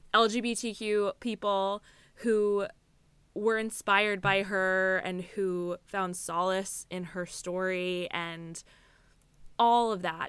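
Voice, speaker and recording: A woman's voice: medium pitch, clear, resonant tone, no room sound. A woman co-hosting a podcast, talking candidly in a casual chat and scattering "like" and "I mean" through her sentences. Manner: candid and animated, frequent "like" and "I mean". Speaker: podcast co-host.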